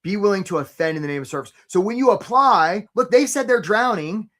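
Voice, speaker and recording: A man hosting a live career webinar, coaching casually with jokes and giving shout-outs to viewers by name. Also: high-pitched, fairly quick. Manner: energetic and joking, breaks into short mocking impressions of job seekers.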